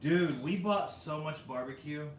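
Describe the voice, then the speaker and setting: A man's voice: a little high, measured pace, far from the mic. Casual vlog host, American male, talkative with frequent laughs, faint room hum behind. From United States. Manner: chatty, laughs often, fillers like "like" and "bro". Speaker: vlog host reading viewer comments. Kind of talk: casual livestream chat. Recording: roomy echo, a bit off mic, faint background hum.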